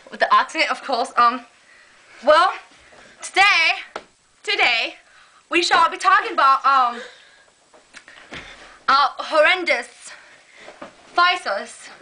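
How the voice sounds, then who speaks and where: Very high, bright-voiced giggly teen girl. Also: lively intonation, slow pace, pauses often. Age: teens. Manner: silly, giggly, mock-posh. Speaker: amateur video host. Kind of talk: goofy home video with fake accents.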